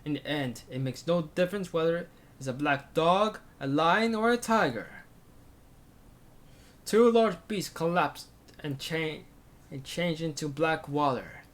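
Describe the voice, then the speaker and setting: A man with a somewhat high voice reads a visual novel aloud in the first person. He takes his time and draws out the lines with intense, theatrical feeling. He often stumbles and restarts words. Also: expressive, measured pace.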